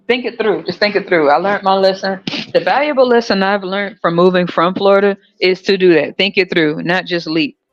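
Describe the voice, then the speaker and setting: Profane, laughing man with country twang. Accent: American country. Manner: animated, profane, laughs often, jumps into high squeals. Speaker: podcast host. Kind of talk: casual livestream chat with viewers. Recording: dull lo-fi audio with faint music.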